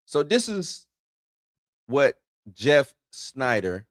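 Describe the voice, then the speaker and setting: A man's voice: medium pitch, big pitch swings, drawn-out words, no room sound, studio quality. A man hosting an entertainment news show in loose, slangy casual commentary, chuckling between points.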